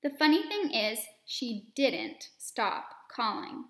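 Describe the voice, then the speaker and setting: A woman reading a children's story aloud expressively, pausing to explain words and lessons to young listeners. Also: fairly high pitch, sing-song, fairly bright tone, reverberant.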